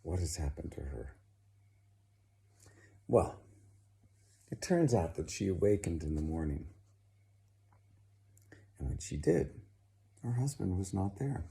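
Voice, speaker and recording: A man narrating a folk tale in a slow, dramatic, expressive storytelling manner. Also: low voice, gravelly.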